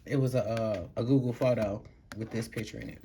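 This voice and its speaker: A woman doing a casual tarot reading to camera, talking bluntly in slang and swearing freely, moving between calm stretches and loud outbursts. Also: rumbling low, brisk, background noise. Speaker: tarot reader.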